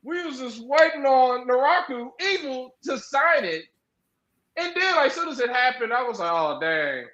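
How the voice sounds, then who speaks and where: A man co-hosting a wrestling podcast, excitable, profane and quick to laugh. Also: very high voice, reverberant, lo-fi sound. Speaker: podcast co-host. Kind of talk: casual wrestling chat.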